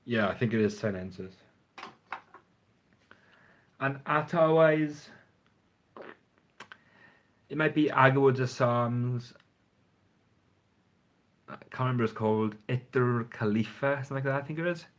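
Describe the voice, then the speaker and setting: A man's voice: mid-range voice, unhurried, long pauses. A man chatting casually and frankly on a phone livestream, rambling and swearing now and then. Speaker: fragrance reviewer. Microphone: phone front camera.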